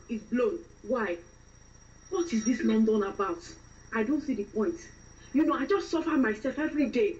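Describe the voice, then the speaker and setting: A woman voicing a brash, churchgoing Nigerian woman who rants in a Nigerian accent, her voice a little lower and softer than her own. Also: lightly acted. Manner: preachy, exasperated ranting. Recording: dull lo-fi, distant from the mic.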